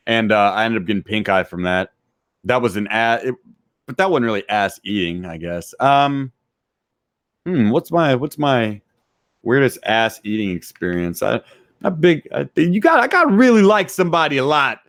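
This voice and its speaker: Moderately paced and animated, a Texas man with a fairly bright, mid-range voice guests on a podcast. His crude, casual chat has him swearing constantly, laughing, and answering messages from live chat.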